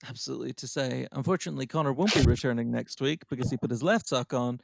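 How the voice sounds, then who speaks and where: A man's voice: mid-range voice, fast, gravelly, dry recording. Man, podcast host, wry, self-mocking, casual chat, dry sound.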